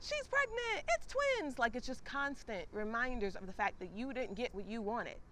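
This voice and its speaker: A woman's voice: fairly high pitch, fairly bright tone, a little hiss or hum. A woman hosting a faith talk series, casually retelling a scripture story and speaking straight to her listeners. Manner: conversational, retells scripture with acted-out asides.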